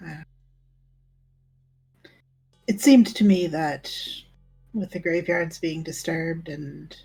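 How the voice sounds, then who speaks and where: Female player, low raspy voice, soft and polite delivery. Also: takes it slowly, faint music behind. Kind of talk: tabletop role-play.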